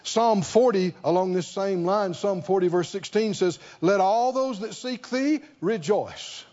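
A man's voice: sits high, a little slow, a little mellow, lo-fi sound. A man preaching a sermon, emphatic and fond of rhetorical questions.

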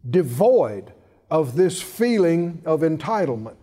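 A male preacher delivers a sermon in a high, lively voice that swoops up and down for emphasis. He takes his time, pressing points slowly and urging the congregation to answer back, breaking in with chuckling asides.

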